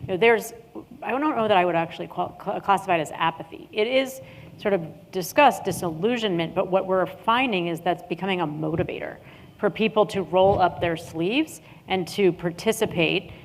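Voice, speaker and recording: A woman's voice: on the low side, normal speed, a little hiss or hum. A woman on a conference panel explaining research findings thoughtfully, in a hotel ballroom. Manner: thoughtful, explanatory, some restarts. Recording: reverberant hall with faint ambience.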